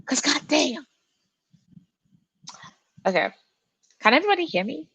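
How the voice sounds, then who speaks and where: A woman's voice: sits high, big pitch swings, measured pace, a bit bright, dry recording, poor audio. A young woman from Nigeria hosting a casual book livestream, reading the chat aloud and gushing back at her viewers. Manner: effusive, reads out chat and gushes, frequent laughs. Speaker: booktube livestream host.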